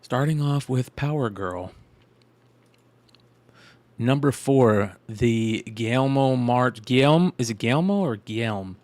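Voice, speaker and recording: A man's voice: medium pitch, slow, pauses often, a little mellow, dry recording. A man co-hosting a comic book live stream, joking and laughing with friends in casual chat.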